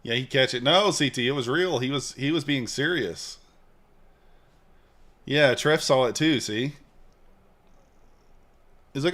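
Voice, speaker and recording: A man's voice: medium pitch, a little slow, pauses often, a bit bright. Chill guy streaming, joking around and answering chat, plain mid voice. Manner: laid-back, joking, reads and answers chat. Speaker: livestream trading host. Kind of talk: casual live-stream chat.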